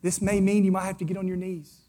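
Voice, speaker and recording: A man preaching a sermon to his congregation, swinging between loud declarations and hushed, close asides. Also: high-pitched, flat delivery, quick pace. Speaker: pastor.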